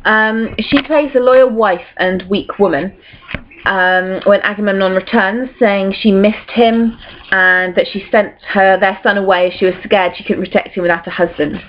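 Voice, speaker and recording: A chatty teenage girl talks through her study notes at a middling pitch, scattering "um" and "like" as she goes. The sound is dull and lo-fi, like a basic home recording. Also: fairly even intonation, moderate pace, a little hiss or hum. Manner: chatty, filler-heavy, acts out quotes in playful voices. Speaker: student revising for exams. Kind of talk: casual revision talk to camera.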